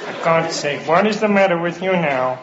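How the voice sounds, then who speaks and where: A man's voice: on the high side, normal speed, lo-fi sound, a crowd in the background, lightly acted. A man doing a stiff, formal impression of a famous scientist in a stand-up set. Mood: deadpan. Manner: stiff, formal, evenly spaced words.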